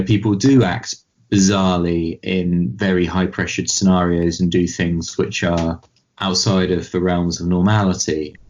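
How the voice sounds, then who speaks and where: A deep-voiced man talks through a film on a casual podcast, rambling and animated. The recording is slightly dull and lo-fi. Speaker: podcast co-host.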